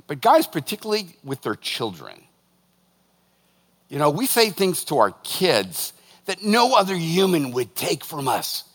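A man, a pastor preaching a sermon, lively and joking as he tells stories to his congregation. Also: a little high. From northern United States. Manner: lively, joking, animated storytelling. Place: church hall. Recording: long hall reverb.

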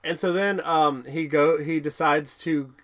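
With a fairly high pitch and a measured pace, a podcast co-host drifts through an easygoing recap of an episode. Fillers and laughs pile up, and he jumps into excited quotes from the characters.

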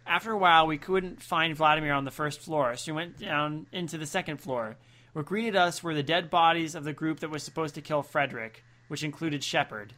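Higher-voiced man reading a story aloud. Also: a little fast, bright, forceful tone. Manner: jokey asides, bursts of laughter. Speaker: podcast co-host reading a story. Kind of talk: casual comedic story reading.

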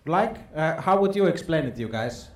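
A man's voice: a little high, lively intonation, normal speed. Joking man in an echoey room. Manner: joking, laughs often. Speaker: co-host. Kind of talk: comedic casual chat.

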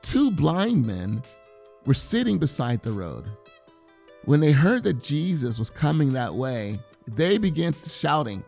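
A man's voice: on the high side, big pitch swings, unhurried, creaky, a little mellow, faint music behind. A man preaching a sermon, repeating key phrases for emphasis and acting out the people in a scripture story. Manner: dramatic, acts out the crowd and the blind men in raised voices. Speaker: pastor.

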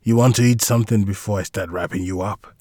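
A man's voice: lowish voice, fast, dark tone, dry recording, lightly acted. A cheerful, foul-mouthed bodyguard, as a man reads him in a storybook, chatting in a loose, jokey, profane way. His voice is dry and close, with no room around it. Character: gruff cursing male bodyguard, cheerful caretaker.

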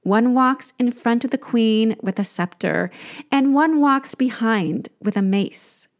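A woman narrating an ancient myth in a deliberate, scripted reading. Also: on the high side. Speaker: storyteller.

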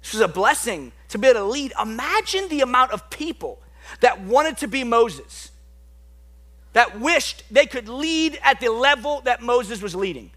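Young male preacher, high bright voice, animated conversational delivery, church sermon. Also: normal speed. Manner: animated, conversational preaching with sudden drops to quiet intensity. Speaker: pastor. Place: church sanctuary.

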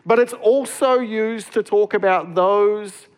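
Man, pastor, sermon, high-pitched, conversational, filler-heavy. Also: slow pace. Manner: casual, conversational preaching with many fillers.

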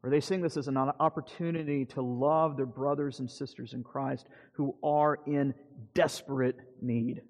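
A man preaching a sermon as pastor, earnest and emphatic, rising on key phrases and dropping low at the ends of his points. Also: fairly even intonation, normal speed, a little mellow, long reverb tail.

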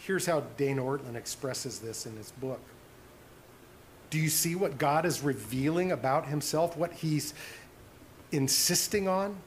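A man preaching a sermon as pastor, earnest, dropping to soft hushed tones on tender points. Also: on the high side, lively intonation, unhurried, a little hiss or hum.

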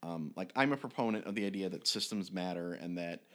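A man telling a tabletop game story in conversation, his pitch rising and falling a lot. He rambles and restarts often, full of energy. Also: brisk. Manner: animated, rambling, many restarts. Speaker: game master. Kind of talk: casual storytelling interview.

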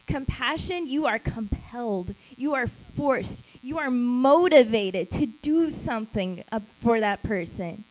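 A small-group leader delivers a forceful church teaching, her fairly high voice expressive and unhurried. She acts out quoted lines and comes back to key phrases again and again, all captured on a low-quality recording.

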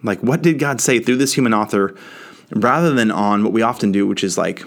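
A man's voice: lowish voice, brisk. A man teaching a Bible lesson in a casual, conversational way, often checking in with the listener.

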